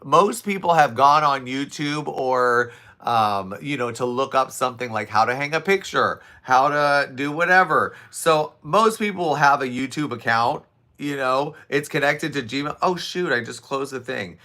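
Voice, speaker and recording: A man live streaming and chatting casually to his viewers in an animated way, his voice a little raspy and worn from talking for hours. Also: mid-range voice, a little slow. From Southwest Florida. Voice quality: slightly raspy, scratchy from overuse. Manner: chatty, animated, laughs often, talks to viewers' comments. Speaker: live streamer and fitness instructor. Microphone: streaming setup close to camera.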